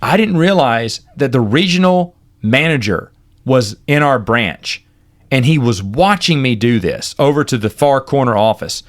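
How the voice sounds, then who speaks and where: A man in his forties casually telling stories from his life as a podcast host, acting out the people in them with big jumps in his voice. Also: measured pace. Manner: animated, acts out quoted people with big pitch jumps. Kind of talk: casual storytelling.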